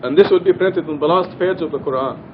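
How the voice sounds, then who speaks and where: A middle-aged man giving an informal, earnest religious study talk in a mosque, explaining and emphasizing his points. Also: quick pace. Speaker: Quran study teacher. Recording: dull lo-fi archival recording with faint rumble.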